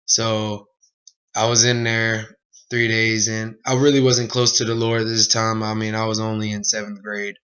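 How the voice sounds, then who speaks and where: A man's voice: fairly low pitch, flat delivery, moderate pace, bright, forceful tone, clear, resonant tone. A young man earnestly telling his personal testimony in a plain speech, with many asides. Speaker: speaker giving a personal testimony. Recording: dull lo-fi recording.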